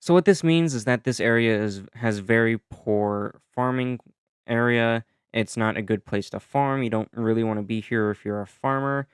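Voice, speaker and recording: A man's voice: mid-range voice, smooth, no echo, studio quality. A man narrating a map simulation video in a chatty, explanatory way, with casual asides and self-corrections. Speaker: YouTube narrator.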